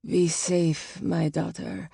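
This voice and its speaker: A woman narrator voicing a mysterious, sorrowful father who speaks in a soft, soothing whisper. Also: fairly low pitch, little pitch movement, takes it slowly, gravelly, slightly rough, dry recording, studio quality, heavily acted.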